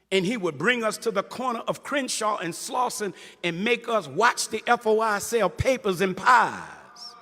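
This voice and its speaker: A man's voice: high voice, sing-song, a little slow, bright, forceful tone. A middle-aged male minister delivering a sermon, preaching with passion and calling out to his congregation. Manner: impassioned preaching with call-and-response asides. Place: large hall before a congregation. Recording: reverberant hall with faint crowd.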